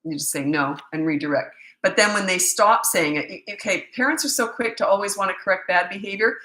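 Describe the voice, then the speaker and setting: A woman's voice: mid-range voice, fairly quick, fairly bright tone. Emphatic woman parenting coach, echoey room. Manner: chatty and emphatic, answering viewer questions. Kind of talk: live Q&A advice chat.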